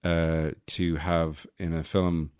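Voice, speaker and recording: A man's voice: sits low, level tone, slow, darkish tone, clean tone, no echo, studio quality. A young man hosting a casual solo podcast from his apartment, rambling and joking with lots of self-correcting asides. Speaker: podcast host.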